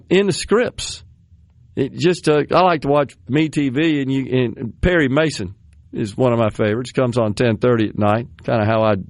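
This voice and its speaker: A man's voice: mid-range voice, no room sound, clean studio sound. A man in his sixties with a Southern American accent, hosting a radio talk show and reminiscing in a rambling way, often laughing. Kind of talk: casual studio chat. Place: radio studio. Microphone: studio microphone.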